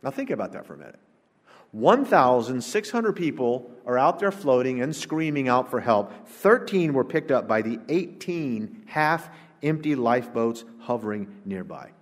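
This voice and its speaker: A man, preaching an emphatic, rhetorical sermon to a congregation, swinging between loud declarations and low asides. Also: sing-song, moderate pace. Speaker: pastor. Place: church sanctuary, preaching to a congregation. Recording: long church-hall reverb.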